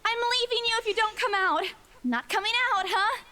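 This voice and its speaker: A man's voice: very high voice, fairly quick, pushed and bright, pitched above the performer's own voice, full character voice. A man putting on a nervous young woman's voice as she calls through an empty mansion, pleading and jittery. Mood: uneasy, pleading.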